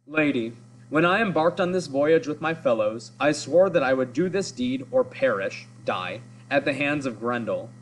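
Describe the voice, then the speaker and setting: A man's voice: medium pitch, expressive, normal speed, slight background noise, lightly acted, low-quality recording. A man reading the lines of a proud, boastful male hero in solemn, old-fashioned speech. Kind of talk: read-aloud of a story.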